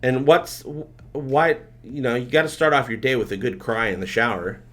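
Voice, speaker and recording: A man hosting a live stream, chatting casually and excitedly, rambling and thanking his viewers. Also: medium pitch, normal speed. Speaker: livestream host.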